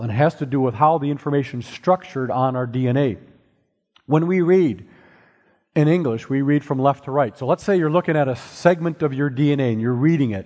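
A husky-voiced middle-aged man speaks to an audience, walking listeners through his points with homely analogies and the odd dry joke. His voice rings out with a long reverb tail from a large hall. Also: medium pitch, a little mellow. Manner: explains with everyday analogies and wry asides. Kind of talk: presentation to an audience.

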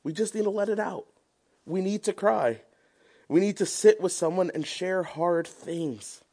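High-voiced young man preaching. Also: mellow. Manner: earnest, conversational, with quick asides and laughs. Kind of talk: sermon.

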